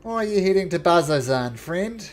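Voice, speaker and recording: A man's voice: high voice, lively intonation, moderate pace, voice pushed up. A man doing a brusque interrogator. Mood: demanding. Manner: demanding, brusque. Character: gruff threatening male interrogator. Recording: faint music behind.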